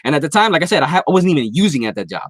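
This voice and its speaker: Podcast guest, male, animated swearing storyteller; fairly high, lively voice, dry mic. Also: racing, no room sound. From Philadelphia area. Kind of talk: casual chat.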